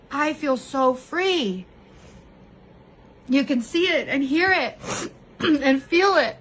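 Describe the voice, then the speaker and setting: A woman with a high voice shares a heartfelt personal story on a live stream. She talks openly and candidly to her viewers, laughing often as she goes. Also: a bit bright. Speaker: vlogger sharing personal story. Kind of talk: emotional live-stream monologue.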